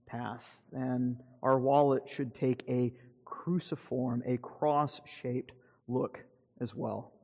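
A man preaching a sermon as pastor, earnest and emphatic, rising on key phrases and dropping low at the ends of his points. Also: vocal fry, darkish tone, big-room sound.

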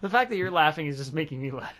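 Playful, fairly high-voiced man who laughs often. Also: animated, rapid-fire, fairly bright tone. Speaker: podcast co-host. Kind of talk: casual chat.

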